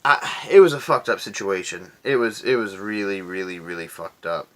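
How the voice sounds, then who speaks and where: A man's voice: lowish voice, normal speed, fairly bright tone. A young man from Florida telling a story to camera in a casual, profane, laid-back way, often raising his voice to quote himself. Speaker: vlogger.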